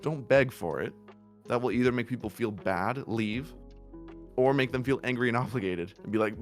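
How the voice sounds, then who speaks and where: A man's voice: lowish voice, normal speed, faint music behind. Blunt, emphatic male streamer. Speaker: VTuber streamer. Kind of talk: casual stream chat giving advice.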